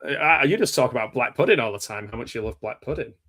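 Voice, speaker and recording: An English man hosting a live film chat, his voice bright and forward in tone. He talks in a loose, rambling way, stopping and restarting his sentences and leaning on "um" as he thinks aloud. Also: mid-range voice, expressive, fast. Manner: rambling, hesitant, with many fillers and restarts. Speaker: show host. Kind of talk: casual live chat about films.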